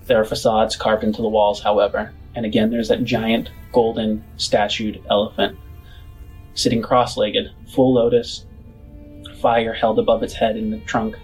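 A man narrating as game master of a tabletop game, describing scenes in an unhurried, casual way. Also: fairly low pitch, level tone, breathy edge, faint music behind, rough recording.

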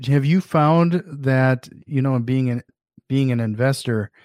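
A man's voice: mid-range voice, slow, a little mellow, dry recording, studio quality. A man hosting a podcast interview, conversational, often restarting and repeating words. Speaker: podcast host. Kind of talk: casual interview chat.

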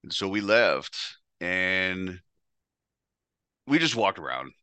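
A man's voice: low voice, big pitch swings, slow pace, sharp tone, smooth, no room sound. A man hosting a podcast, telling a candid personal story in a blunt, profane, confessional way. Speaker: podcast host.

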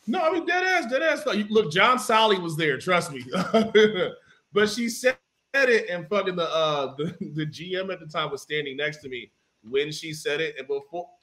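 A man co-hosting a casual podcast, telling stories in an animated, profane way and acting out what people said. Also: sits high, normal speed. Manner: animated, profane, acts out quotes. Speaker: podcast co-host. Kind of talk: casual storytelling chat.

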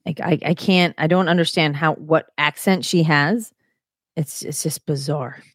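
A woman's voice: low-pitched, fairly even intonation, measured pace, dry recording, clean studio sound. A woman co-hosting a podcast, blunt and scornful in casual chat. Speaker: podcast co-host.

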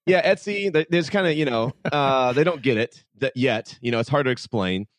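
In this casual storytelling interview, a man appearing as a podcast guest speaks in a mid-range voice at a slightly fast pace. He's animated, performs the dialogue himself, and leans heavily on "like"; the sound has no echo.

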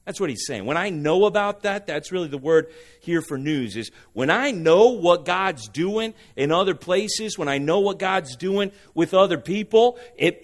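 A man from Southern California, preaching a sermon, animated and asking the congregation for responses. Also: a little high. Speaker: pastor.

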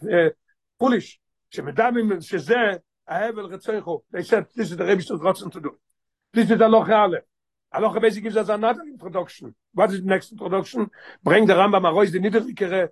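Guy teaching a text class, highish husky voice, reads a line then explains it. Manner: mixes English with Yiddish and Hebrew, quoting and explaining. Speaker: Torah teacher. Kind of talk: text study lesson.

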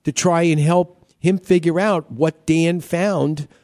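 A man's voice: fairly high pitch, fairly even intonation, slow pace, darkish tone, dry recording, studio quality. A man hosting a home-repair radio show, talking casually, repeating himself and cracking jokes. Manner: chatty, repeats himself, joking.

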